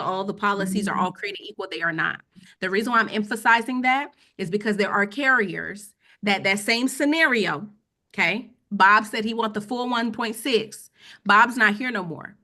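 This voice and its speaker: A financial educator teaches a casual finance webinar, chatting with her audience and frequently checking in with "okay?". Her voice is mid-range with a sharp tone, and her manner is conversational.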